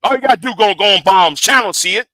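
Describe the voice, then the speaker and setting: A man's voice: high voice, fast talker, pushed and bright, no echo. A man hosting a livestream, giving heated commentary in an emphatic, profane way and repeating words when he gets worked up. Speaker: livestream host.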